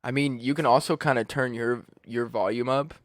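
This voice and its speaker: A man's voice: medium pitch, fairly even intonation, moderate pace, dry recording. Male podcast host, casual and foul-mouthed, chuckly storyteller, dry close sound. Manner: profane, laughing storyteller. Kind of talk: casual chat. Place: home basement studio.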